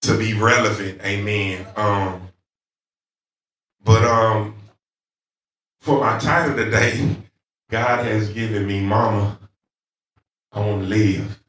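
A man with a Southern accent preaching a sermon in church, starting soft and halting with frequent pauses and rising to loud, fervent calls. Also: lowish voice, fairly even intonation. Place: church sanctuary. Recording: echoey church sanctuary, mic at a distance.

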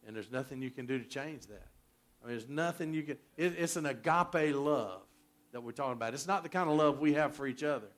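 A man preaching a sermon as pastor, folksy, swinging from loud emphasis to soft near-whispers. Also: fairly high pitch, fairly quick.

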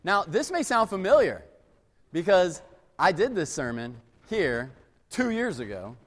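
A man's voice: sits high, big pitch swings, measured pace. A man preaching a casual, story-driven sermon, chatting loosely with plenty of "like" and acting out family scenes. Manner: chatty, uses "like" a lot, acts out family scenes. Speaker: pastor. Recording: long hall reverb.

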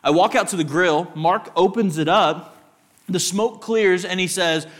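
At moderate speed, a young West Texan with a somewhat high voice addresses a church service as a guest. His personal stories are animated, and he interrupts them to ask the audience questions.

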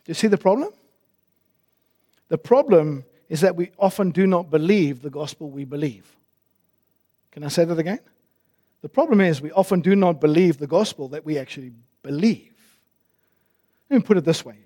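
A male pastor delivers a sermon in a church, pressing his listeners with emphatic rhetorical questions. His voice sits high for a man. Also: expressive, moderate pace, pauses often, mellow.

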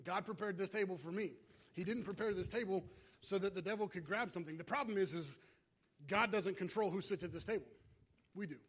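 A man's voice: sits high, fairly bright tone. A man preaching a sermon as pastor, in a casual, conversational way, calling out to the congregation.

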